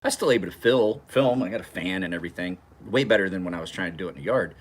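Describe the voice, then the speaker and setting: A man's voice: low voice, rapid-fire, husky. A man hosting a knife channel from his garage, chatting loosely with viewers and laughing through profane stories. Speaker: knife sharpening channel host. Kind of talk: rambling live chat with viewers. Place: home garage.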